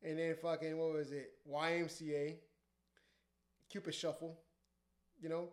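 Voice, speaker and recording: A young man who works as a DJ, telling profane, animated stories in casual podcast chat. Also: on the high side, a little slow. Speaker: DJ and podcast co-host. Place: podcast studio.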